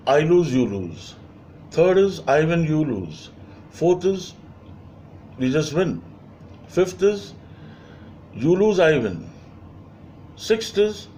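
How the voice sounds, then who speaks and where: A man's voice: fairly high pitch, darkish tone, slight background noise. A man lecturing as a leadership trainer, emphatic and repeating key phrases, with frequent fillers.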